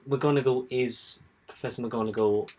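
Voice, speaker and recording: A man's voice: medium pitch, steady tone, moderate pace. A young man co-hosting a casual podcast, rambling with lots of fillers and the odd swear word. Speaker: podcast co-host. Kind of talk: casual chat.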